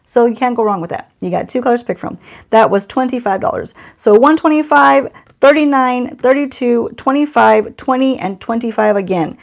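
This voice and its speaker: A woman's voice: on the high side, creaky. A middle-aged woman doing a casual beauty unboxing at home, chatty and self-teasing, talking to the camera and to someone off camera. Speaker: beauty vlogger.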